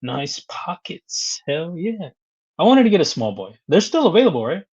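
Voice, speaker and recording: A man's voice: fairly high pitch, sing-song, moderate pace, darkish tone, slightly rough, highs cut off. A man hosting a casual live stream, greeting viewers by name, reading their comments aloud and laughing often. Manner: chatty, reads out viewer comments and greets them; laughs often between remarks.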